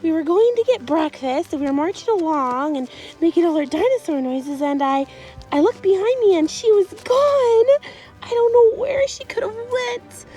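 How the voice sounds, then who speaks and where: A woman's voice: expressive, moderate pace, mellow, faint music behind. A woman doing a fretful mama T-rex toy. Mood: tearful. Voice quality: high, whimpery, on the verge of tears. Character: worried mother T-rex toy dinosaur, fretful. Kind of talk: toy play storytelling.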